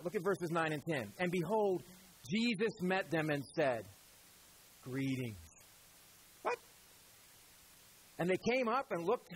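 A man preaching a sermon as pastor, animated and conversational, with a Southern American accent, sometimes dropping to quiet emphatic lines. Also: a little high, slight background noise, low-quality recording.

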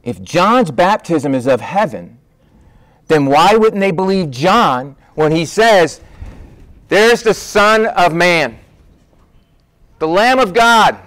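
Man, preacher, high voice, very lively pitch, conversational sermon, acts out voices. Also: slow, pauses often.

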